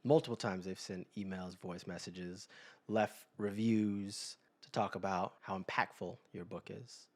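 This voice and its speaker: A podcast co-host, a man with a low-set voice. He tells personal stories in an easygoing conversational tone. He slips into quick, animated versions of the people he quotes. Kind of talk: casual storytelling chat.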